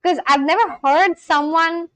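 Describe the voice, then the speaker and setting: High-voiced young woman gushing on stream. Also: measured pace, a bit bright, no echo, rough recording. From India. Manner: gushing, reads chat aloud and reacts. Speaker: livestreamer. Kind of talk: casual livestream chat.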